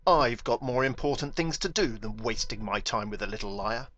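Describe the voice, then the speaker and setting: A man's voice: medium pitch, moderate pace, a bit bright, close to an everyday voice. A man voicing a big, boastful male donkey who sneers and brags, in a storybook reading. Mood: sneering. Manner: scornful, bragging.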